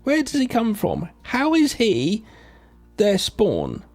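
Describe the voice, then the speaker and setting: A man's voice: high-pitched, huge pitch swings, takes it slowly, no room sound, soft background music. A man co-hosting a podcast, swearing freely and heckling with sarcastic asides. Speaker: podcast co-host. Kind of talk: casual banter.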